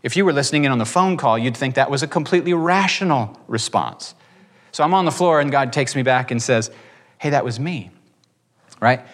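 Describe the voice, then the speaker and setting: A man who preaches, telling a lively testimony in conversation and acting out the quotes. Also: medium pitch. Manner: animated, acts out quotes, quick bursts. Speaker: preacher and guest. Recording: reverberant room.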